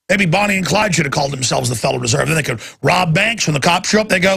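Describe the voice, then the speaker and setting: Brief: male talk host, gravelly and forceful, sarcastic ranting monologue. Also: high-pitched, animated, fast, hardly any pauses. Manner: angry, sarcastic and emphatic.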